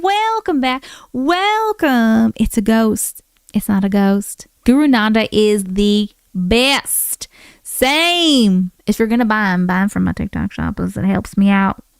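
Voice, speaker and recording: Keeping up a playful fake accent throughout, a livestream host chats casually and thanks viewers by name. Her voice is medium-pitched and clean-toned, with studio-quality audio and no room sound.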